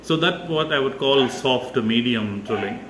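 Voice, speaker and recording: Man, mid-pitch, hesitant DIY vlogger narrating as he works, noisy home recording. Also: lively intonation, normal speed, fairly bright tone. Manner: hesitant, many "uh" fillers, explains step by step. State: slightly out of breath. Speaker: DIY video maker. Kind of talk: casual how-to narration while working.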